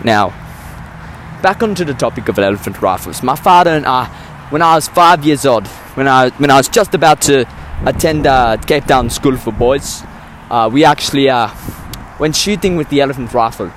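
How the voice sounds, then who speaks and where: A man hosting a comedy podcast in a mock South African accent, telling absurd stories in a meandering, deadpan way, full of hesitations. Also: medium pitch, normal speed, slight background noise. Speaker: podcast host. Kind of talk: rambling comedic podcast monologue.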